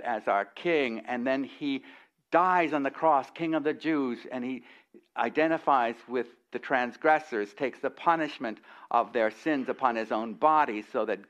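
A man's voice: medium pitch, fairly bright tone, lo-fi sound. A man preaching an expository sermon, with folksy asides and frequent restarts.

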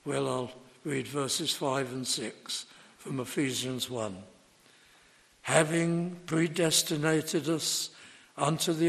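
A man preaching a sermon slowly and deliberately, leaning hard on key words for emphasis. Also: a little high. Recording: long hall reverb.

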